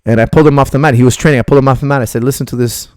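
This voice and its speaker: A man's voice: mid-range voice, fairly even intonation, very fast, darkish tone, no room sound, clean studio sound. A middle-aged man, a martial arts coach, bluntly rambling through viewer questions on a live stream.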